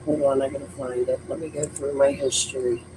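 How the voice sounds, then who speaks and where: A woman's voice: a bass voice, little pitch movement, a little fast, noisy background. Blunt, foul-mouthed woman streamer. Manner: blunt, heavily profane, emphatic. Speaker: true crime livestream host. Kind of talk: casual chat.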